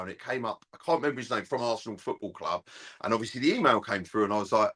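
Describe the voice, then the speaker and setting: A middle-aged man telling a lively fan story in casual chat, acting out the voices of people on the phone. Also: mid-range voice, quick pace. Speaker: presenter and fan-channel regular.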